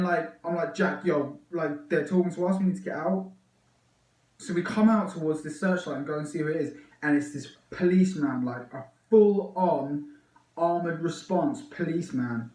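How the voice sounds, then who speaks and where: A young man excitedly telling a long personal story on his vlog, rambling with lots of fillers. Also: on the high side, reverberant, recorded from a distance, rough recording. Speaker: vlogger.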